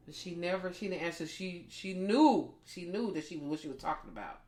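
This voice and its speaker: A woman co-hosting a podcast, telling a story in an animated, gossipy way. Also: lowish voice, moderate pace, hardly any pauses, roomy sound. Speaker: podcast co-host and comedian. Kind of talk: casual storytelling chat.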